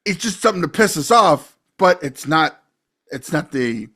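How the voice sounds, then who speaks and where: A man's voice: on the high side, lively intonation, moderate pace, bright, forceful tone. Matter-of-fact male podcast co-host. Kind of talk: casual movie discussion.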